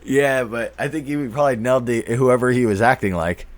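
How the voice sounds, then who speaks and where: A young man co-hosting a podcast in casual chat, excitable and cursing, with quick restarts. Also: mid-range voice. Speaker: podcast co-host.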